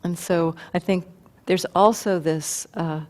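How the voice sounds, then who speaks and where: Low-voiced woman giving a thoughtful dharma talk. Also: fairly even intonation, a little mellow. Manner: unhurried, thoughtful, frequent ums and restarts. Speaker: meditation teacher. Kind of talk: dharma talk retelling a story.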